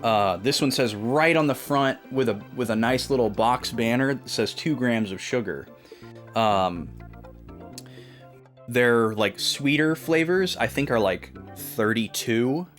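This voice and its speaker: A man's voice: medium pitch, slow, faint music behind. A young adult man hosting a stream, chatting casually and rambling with lots of fillers. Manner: rambling, filler-heavy, conversational. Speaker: podcast co-host. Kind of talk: casual chat.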